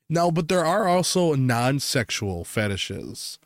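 A man's voice: mid-range voice, big pitch swings, very slow, no echo, clean studio sound. A man with a Wisconsin accent, co-hosting a casual podcast chat, joking, laughing often and using lots of fillers. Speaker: podcast co-host.

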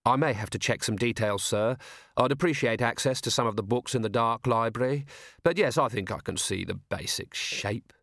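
A man voicing a young male assassin who is courteous, calm and soft-spoken. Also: medium pitch, moderate pace, vocal fry, no echo, studio quality. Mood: polite. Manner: soft-spoken, overly courteous, keeps saying sir.

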